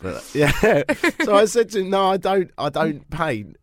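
A man's voice: high voice, big pitch swings, a little slow, no echo, studio quality. A British man hosting a radio talk show, sniffly with a cold, bantering and joking at his own expense. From Britain. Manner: chatty, self-mocking banter.

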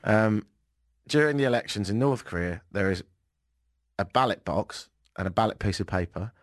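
A man's voice: lowish voice, expressive, normal speed, no echo, clean studio sound. A man hosting a radio show in casual chat, with a wry, sarcastic way of talking.

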